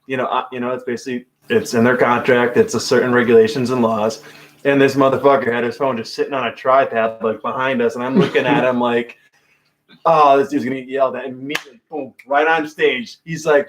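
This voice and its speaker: A man in a casual podcast chat who rambles through stories, peppering them with curses and "like"s. His voice sits in a plain middle pitch. He rarely finishes a thought before starting the next. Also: flat delivery, brisk. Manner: rambling storyteller, frequent swearing and fillers. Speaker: podcast co-host.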